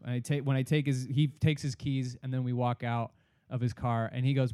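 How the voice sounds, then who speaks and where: A man's voice: medium pitch, brisk, smooth, dry recording, clean studio sound. A young man, a stand-up comedian, telling a story in casual chat and acting out other people's voices. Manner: animated, acts out other people's voices, swears a lot.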